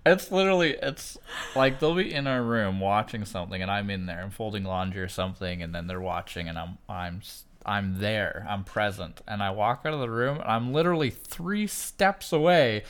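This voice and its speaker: A parent co-hosting a casual podcast, telling everyday stories with animation and frequent laughter. The voice sits very low in pitch and is picked up close on a studio podcast mic. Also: normal speed, smooth. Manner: animated storytelling, laughs often.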